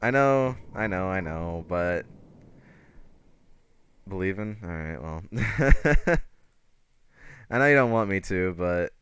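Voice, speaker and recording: Laughing, swearing young streamer. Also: male voice, deep voice, expressive, slow, pauses often, fairly bright tone, clear, resonant tone. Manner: laughs often, swears, self-mocking. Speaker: game streamer. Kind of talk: casual gameplay commentary.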